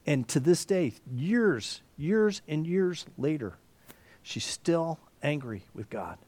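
A man preaching a sermon, dropping to whispers and rising to near shouts as he acts out the story. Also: a little high, very animated, takes it slowly. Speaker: pastor.

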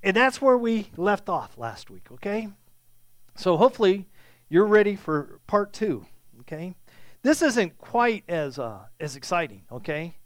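A man's voice: high voice, big pitch swings, measured pace, no echo. A middle-aged man preaching a conversational Bible sermon as pastor, often checking in with his listeners. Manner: conversational preaching with frequent "okay?" check-ins.

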